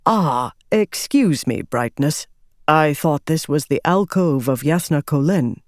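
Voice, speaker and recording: Priest, young man, faint Herdazian accent, cultured, teasing, low voice, put on by a woman narrator. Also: lively intonation, takes it slowly, no echo, clean studio sound. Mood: polite. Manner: cultured, gently joking.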